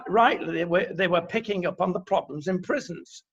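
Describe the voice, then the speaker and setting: A man's voice: high voice, a little fast. A man with a Manchester accent co-hosting an opinion chat, blunt and indignant, with many fillers. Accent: Mancunian. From England. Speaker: co-host. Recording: dull lo-fi sound.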